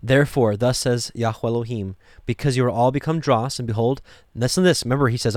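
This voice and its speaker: A man's voice: mid-range voice, quick pace, a little mellow, no echo, studio quality. A man teaching from the Bible, reading verses aloud with rising emphasis and adding pointed asides. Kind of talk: scripture reading and commentary.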